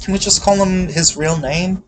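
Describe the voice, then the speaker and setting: A man hosting a casual movie chat, talking haltingly with many restarts and hedges. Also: high-pitched, a little hiss or hum. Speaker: podcast host.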